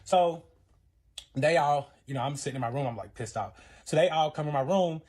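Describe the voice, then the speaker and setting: A man's voice: fairly high pitch, a little fast, a little mellow, slightly rough. A man casually telling a personal relationship story, rambling and profane, acting out other people's lines along the way. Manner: profane, rambling retelling full of fillers and acted-out quotes.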